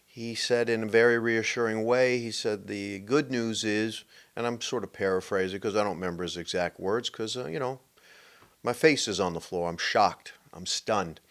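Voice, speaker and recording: Deep-voiced man telling his own story. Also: moderate pace, fairly bright tone. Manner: candid, conversational, emphatic, many fillers and restarts. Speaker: host. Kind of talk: personal storytelling monologue.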